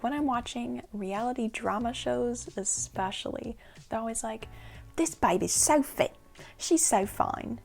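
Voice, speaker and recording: A young woman tells a casual vlog storytime. She talks in a sassy, animated way and fires off rhetorical questions. Her voice sits slightly high, and faint music plays underneath. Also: creaky. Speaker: vlogger.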